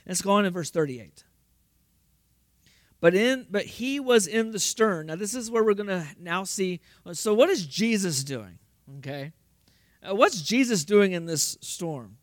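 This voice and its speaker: A man's voice: sits high, lively intonation, measured pace, no echo, studio quality. A man preaching a sermon, asking the congregation rhetorical questions and rising to emphatic bursts. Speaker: pastor.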